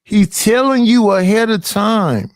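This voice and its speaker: A man hosts a livestream in a loose, street-slang way, swearing freely and leaning hard on his points. His voice sits a little high for a man, and the sound is dry and close with no room around it. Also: lively intonation, measured pace, dry recording. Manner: profane, slangy and emphatic. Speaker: livestream host. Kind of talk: casual livestream commentary.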